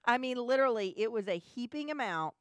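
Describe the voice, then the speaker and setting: A woman telling a family story in casual chat, animated, with stammering restarts. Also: on the high side, a little fast, clear, resonant tone, no echo, studio quality. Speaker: podcast co-host, mother.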